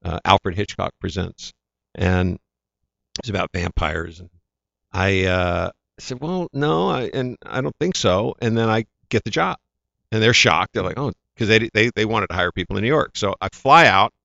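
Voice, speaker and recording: Deep and fry-tinged, the man's voice moves at normal speed on a lo-fi recording without room sound. An actor guesting in a relaxed interview, he spins lively career stories, performing the voices of those he quotes.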